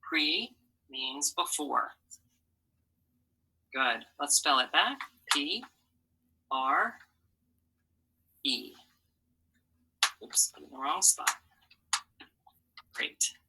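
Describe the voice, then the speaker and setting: A woman's voice: deep voice, expressive, drawn-out words, long pauses, sharp tone, slight background noise, low-quality recording. A woman teaching a phonics lesson to children, patiently sounding out letters and syllables and encouraging them.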